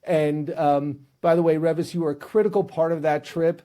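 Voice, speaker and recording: A man hosting an interview podcast, chatting casually and spinning a funny anecdote. His voice sits high for a man, and the tone is soft and mellow. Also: fairly even intonation, normal speed. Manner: storytelling, humorous, with restarts. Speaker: podcast host.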